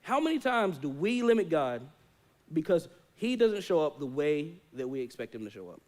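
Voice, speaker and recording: A man preaching a sermon in a church, telling a Bible story with animated, acted-out dialogue. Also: on the high side, normal speed. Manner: animated storytelling, acting out quoted voices. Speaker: pastor. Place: church sanctuary.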